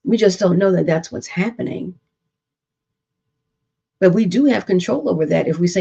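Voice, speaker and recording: A woman's voice: on the low side, normal speed, vocal fry, long pauses, mellow, breathy edge, dull audio. A woman therapist hosting a live-streamed relationship talk, speaking earnestly and repeating points with preacher-like emphasis. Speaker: therapist and show host.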